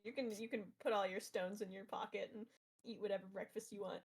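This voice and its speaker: A woman narrating as game master, relaxed and chatty with many fillers. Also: medium pitch, quick pace, breathy edge.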